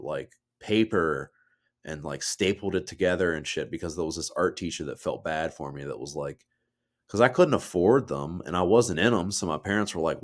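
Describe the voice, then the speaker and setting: Deep-voiced man swearing through casual stories. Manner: swears freely, rambling heartfelt storytelling. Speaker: podcast co-host. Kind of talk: casual chat.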